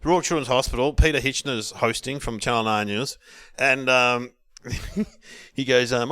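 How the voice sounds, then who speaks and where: A middle-aged Australian man, a comedian, telling animated stories about gigs in a casual chat, acting out what people said. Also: medium pitch, normal speed, smooth, dry recording, studio quality. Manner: animated anecdotes with acted-out quotes. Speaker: comedian podcast guest.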